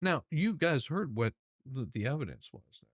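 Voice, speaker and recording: A man's voice: mid-range voice, big pitch swings, normal speed, no echo, studio quality. A man hosting his channel, reading court documents aloud and mocking the people in them, rambling with many restarts and swearing. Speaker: channel host.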